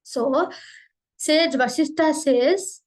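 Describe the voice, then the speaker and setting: A woman telling a spiritual story in a slow, earnest way, addressing her listeners. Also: sits high, low-quality recording.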